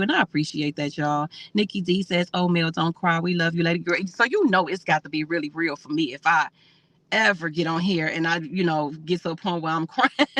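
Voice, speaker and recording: A woman's voice: lowish voice, dry recording. Woman casually reading viewer comments. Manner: reads out comments and answers them warmly, with fillers. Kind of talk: casual emotional livestream chat.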